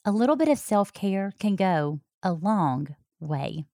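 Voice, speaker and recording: Middle-aged health coach, folksy and direct, mid-pitched, dry recording. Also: female voice, expressive, measured pace, no room sound. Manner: warm, folksy, talks straight to listeners. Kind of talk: heartfelt personal talk.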